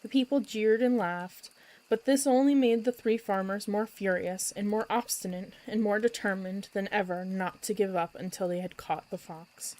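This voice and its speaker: A woman storyteller reading a children's book aloud at bedtime with expressive, lively narration. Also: medium pitch, moderate pace, poor audio.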